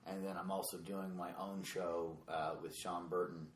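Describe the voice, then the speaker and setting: A man's voice: sits low, little pitch movement, normal speed. A man, a stand-up comedian, chatting casually on a podcast in a rambling way full of fillers. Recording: echoey room with faint noise.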